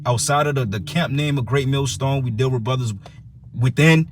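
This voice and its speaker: A man's voice: medium pitch, normal speed, a little hiss or hum. A man teaching for a religious camp, giving a heated, profane preaching rant that reads and explains scripture.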